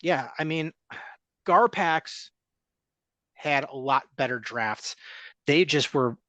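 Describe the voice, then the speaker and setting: A man's voice: a little high, slow pace, bright, forceful tone, dry recording. A man hosting a casual sports podcast, ranting as he stacks up complaints.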